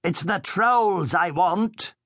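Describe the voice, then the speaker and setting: A man's voice: mid-range voice, lively intonation, slow, a bit bright, dry recording, clean studio sound, heavily acted. A man playing a bossy villainous baron. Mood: shouting. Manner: bossy, barks orders and insults. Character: domineering villainous adult male baron.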